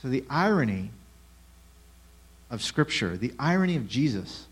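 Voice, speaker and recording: A man's voice: medium pitch, normal speed, husky. Man preaching with rhetorical questions. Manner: rhetorical questions, lively shifts in loudness; sarcastic asides. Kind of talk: sermon.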